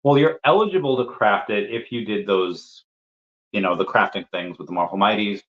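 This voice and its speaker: A man with a fairly low pitch speaks at a moderate pace while hosting a casual livestream. He reads comments from his viewers and responds with playful asides. The stream audio is dull and lo-fi.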